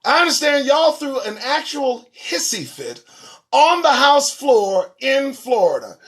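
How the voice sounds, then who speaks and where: A man's voice: very high-pitched, sing-song, a little slow, fairly bright tone. A man hosting his own show, reading news headlines and ranting about them in a profane, sarcastic way. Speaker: show host. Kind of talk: solo commentary on news headlines.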